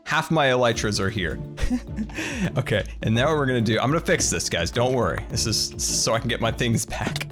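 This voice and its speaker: A man hosting a casual gameplay video, thinking aloud and squealing high in panic when things go wrong. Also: lively intonation, a little fast, over music. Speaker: Minecraft let's play host.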